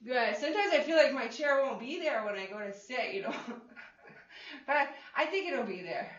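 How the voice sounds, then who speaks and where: A woman's voice: sits high, lively intonation, normal speed. A woman leading a chair-friendly exercise class, upbeat, playful and encouraging, cheering her class on. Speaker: fitness instructor. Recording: echoey room, mic at a distance, dull lo-fi sound.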